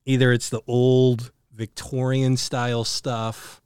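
A man's voice: mid-range voice, flat delivery, slow, darkish tone, clean tone, no room sound, clean studio sound. A man hosting a podcast in casual chat, rambling enthusiastically with frequent fillers and the odd swear word. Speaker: podcast host.

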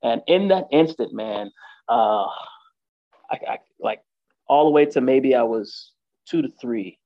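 Male storyteller, gravelly and rough at the edges, casual and rambling, dull lo-fi recording. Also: mid-range voice, animated, unhurried. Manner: loose and conversational, with frequent fillers and "right?" checks.

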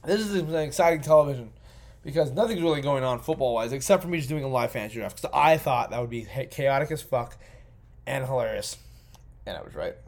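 A man's voice: medium pitch, fast, creaky. A young man hosting a podcast, talking casually and rambling with lots of swearing while getting tipsy. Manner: profane, rambling, excitable. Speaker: podcast host. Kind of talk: casual solo commentary.

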